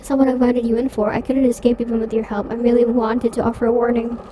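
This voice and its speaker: A woman reads a trapped ghost who issues blunt, commanding warnings. The voice is fairly high but mellow in tone. It sounds like a horror video game. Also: flat delivery, rapid-fire, a little hiss or hum, natural voice, rough recording. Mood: grim warning.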